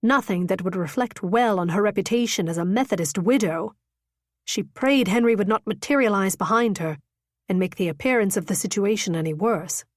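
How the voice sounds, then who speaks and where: A woman narrating a romance audiobook in an expressive, dramatic reading style. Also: medium pitch, a little fast, no room sound, clean studio sound. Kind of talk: scripted narration.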